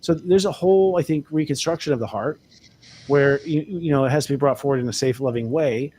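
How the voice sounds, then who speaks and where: A man's voice: a little high, fairly quick, mellow, slight background noise. A man co-hosting a casual spiritual talk show, speaking candidly as an astrologer and laughing often. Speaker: co-host, astrologer.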